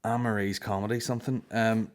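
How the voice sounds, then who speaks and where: A man's voice: lowish voice, little pitch movement, a little fast. A young man hosting a comedy podcast, telling stories in a sweary, sarcastic way. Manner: sweary, sarcastic, acts out voices. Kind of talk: casual storytelling chat.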